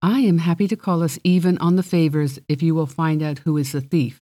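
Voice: mid-range voice, steady tone, brisk, warm tone, no echo, clean studio sound, lightly acted. A reader voicing a proud, guarded fairy princess who speaks formally and bargains haughtily. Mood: bargaining. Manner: arrogant, formal, evasive.

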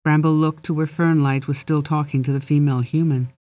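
Mellow, steady storybook narrator. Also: mid-range voice, brisk, no echo. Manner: steady, gently expressive storytelling. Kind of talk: audiobook narration.

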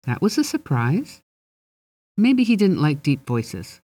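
A narrator reading a children's fantasy story aloud in a steady, gently expressive way. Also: medium pitch, slow pace, no echo. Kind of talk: audiobook narration.

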